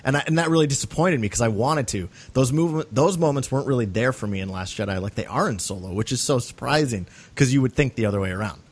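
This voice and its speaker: A man hosting a podcast, talking through a film in an earnest, animated way and often checking for agreement. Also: medium pitch, quick pace, hardly any pauses, husky. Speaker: podcast host. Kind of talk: casual film discussion.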